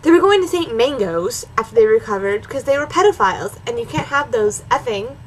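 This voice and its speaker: A woman's voice: fairly high pitch, animated, a little fast, slight background noise, low-quality recording. A woman doing a comedic dramatic reading of a bad story, breaking off for sarcastic asides. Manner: sarcastic, mocking, switches between reading and snarky asides. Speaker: reaction video host.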